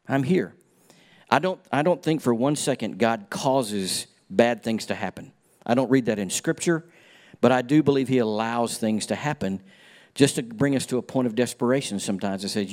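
A man's voice: medium pitch, darkish tone. Man preaching a personal story. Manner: storytelling, calls for amens.

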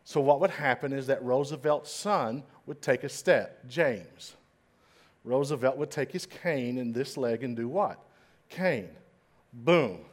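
A middle-aged man giving an inspirational speech, telling a story dramatically and swinging between hushed and loud. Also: medium pitch, unhurried. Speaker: motivational speaker. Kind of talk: inspirational speech to a live audience.

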